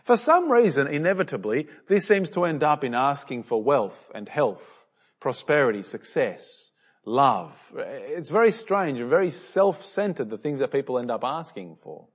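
Casting: an Aussie pastor, husky, storytelling sermon. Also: male voice, medium pitch, very animated, normal speed. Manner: conversational storyteller with a joking aside.

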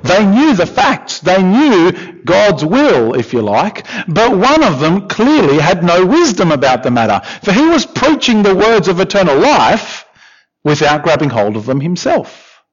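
A man preaching a sermon, expressive, with questions and repeated emphatic lines. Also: high voice, a little slow, husky. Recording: dull lo-fi recording.

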